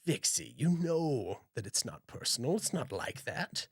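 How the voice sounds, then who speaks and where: A man's voice: medium pitch, very animated, unhurried, slightly rough, dry recording. Brief: man doing a grave, calculating male leader in a tabletop game, dry sound. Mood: placating.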